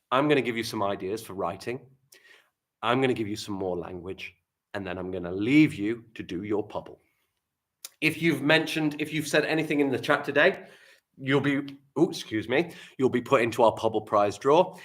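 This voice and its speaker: A man teaching a live online writing lesson to children, animated and encouraging, with big swings in loudness. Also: medium pitch.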